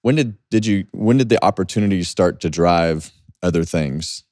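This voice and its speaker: A man hosting a podcast, asking halting questions and adding short replies. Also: low-pitched, a little mellow, dry recording, clean studio sound. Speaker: podcast host. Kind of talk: casual interview.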